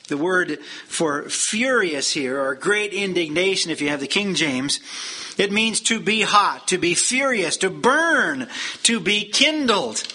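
Man, Bible teacher, verse-by-verse lesson, high voice, conversational with fillers. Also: pushed and bright. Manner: conversational, explaining with frequent fillers.

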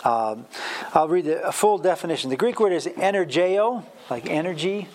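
A man's voice: fairly high pitch, animated, normal speed, a little mellow. A man giving a conversational Bible teaching, chatty and self-deprecating, with plenty of fillers.

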